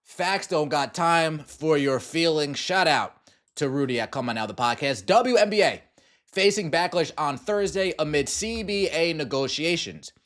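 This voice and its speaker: On his sports podcast, a man with a slightly high, somewhat bright voice speaks at normal speed in an animated way. He offers strong opinions and ridicules his subjects, acting out sarcastic impressions.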